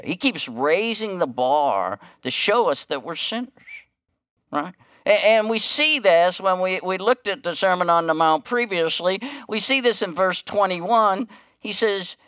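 A man's voice: high-pitched, expressive, moderate pace, a bit bright, no echo, studio quality. A middle-aged man preaching as a guest pastor, in a folksy, chatty way with many asides and restarts. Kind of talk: conversational sermon with humor.

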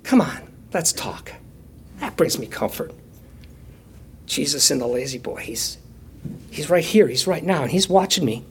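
A male pastor preaches in an easy, talky way. He slows down for quiet reflection, then gets lively as he tells a story. He often pokes fun at himself with playful asides. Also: a little high, a little hiss or hum. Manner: conversational and self-deprecating, with playful asides and laughter. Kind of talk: sermon.

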